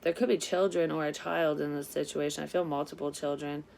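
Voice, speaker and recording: A woman, a psychic reader telling a story in a casual tarot vlog, candid and quick to swear. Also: low-pitched, steady tone, creaky, a little mellow, a little hiss or hum.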